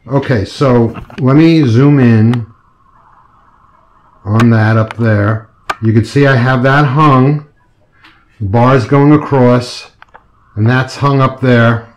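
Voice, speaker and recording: A man's voice: mid-range voice, slow, pauses often. A man casually talking through a wall-mounting job step by step as he works, joking at his own expense. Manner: chatty, self-mocking, explains each step as he works. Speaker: do-it-yourself video maker. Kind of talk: casual narration while working. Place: indoor room being set up as a studio. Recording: roomy echo, faint background noise.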